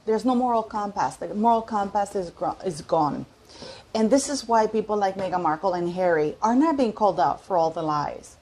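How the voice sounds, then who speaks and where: A woman's voice: medium pitch, warm tone. A woman in her fifties hosting her own channel, talking casually and giving strong opinions, often restarting sentences and searching aloud for words. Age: 50s. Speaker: channel host. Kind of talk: opinionated commentary vlog.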